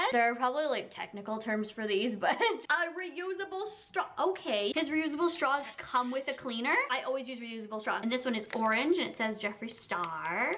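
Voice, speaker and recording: A young woman in her twenties excitedly unboxing and trying on makeup at home, gushing and peppering her talk with "like" and "oh my God.". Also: fairly high pitch. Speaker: beauty vlogger. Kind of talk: casual product unboxing. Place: indoor room with colored backdrop.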